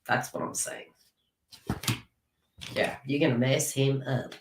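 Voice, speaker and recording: A woman's voice: a bass voice, fairly even intonation, slow pace, pauses often, reverberant, distant mic, background noise. A woman giving a live tarot reading, chatty and teasing as she talks to viewers by name. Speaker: tarot reader.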